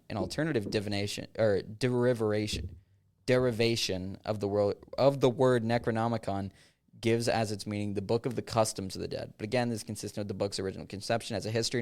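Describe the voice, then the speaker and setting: A man's voice: fairly low pitch, a little mellow. A young man hosting a casual podcast, reading passages aloud and joking between them. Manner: reads passages aloud with quick asides and laughs. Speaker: podcast host.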